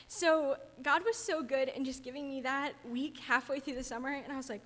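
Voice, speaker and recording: A woman's voice: high voice, normal speed, few pauses, a bit bright. Young woman giving a church testimony, echoey. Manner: earnest, chatty, gets teary. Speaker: camp counselor giving testimony. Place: church sanctuary. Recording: church hall reverb.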